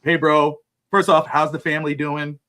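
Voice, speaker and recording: Bright-voiced man in casual chat. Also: a little high, little pitch movement, moderate pace. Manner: emotional, rambling, swearing, laughing often. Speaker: podcast co-host.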